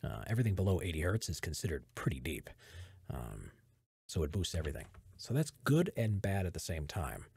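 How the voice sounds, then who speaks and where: Deep husky American man talking shop. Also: a little fast, no room sound. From United States. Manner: rambling, self-correcting, relaxed tech talk. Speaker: voiceover artist. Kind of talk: casual behind-the-scenes explanation. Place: home recording room. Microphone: studio microphone.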